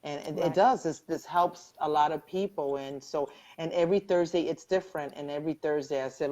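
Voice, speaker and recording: A woman's voice: deep voice, a little fast, few pauses, dark tone. A woman hosting a live online interview, speaking from the heart about faith and hope, close to tears and full of restarts. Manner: heartfelt, religious, rambling with many restarts. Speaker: host. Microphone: video call.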